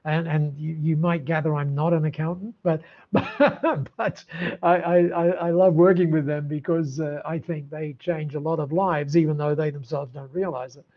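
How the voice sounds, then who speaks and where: An older man, a podcast guest, telling stories in an animated way with many restarts and laughs. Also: fairly high pitch, moderate pace, highs cut off. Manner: animated, warm storyteller with frequent restarts and laughs. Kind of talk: storytelling in an interview.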